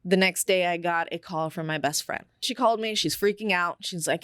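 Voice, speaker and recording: A lower-voiced young woman tells a candid personal story, unhurried and reflective and full of fillers. She is recorded close up in a dry, dead room. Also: lively intonation, fairly bright tone, dry recording.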